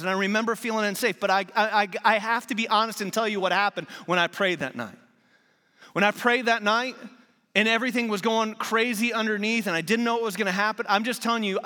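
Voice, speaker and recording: Brief: forties male preacher, bright forceful tone, dramatic story-driven delivery in a big reverberant church. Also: sits high. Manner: passionate storytelling, swings from loud to hushed. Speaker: guest preacher. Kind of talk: sermon.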